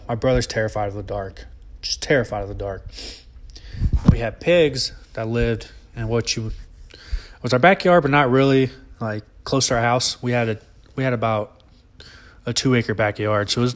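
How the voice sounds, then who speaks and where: A man's voice: mid-range voice, a little hiss or hum. A young man from Alabama, telling a family story casually in a rambling, profane, often laughing way. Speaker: vlogger.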